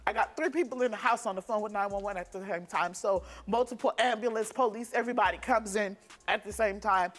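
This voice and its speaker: A woman's voice: mid-range voice, brisk, hardly any pauses. A young woman, a guest on a talk show, giving an earnest, detailed and emphatic account of events. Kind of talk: personal testimony.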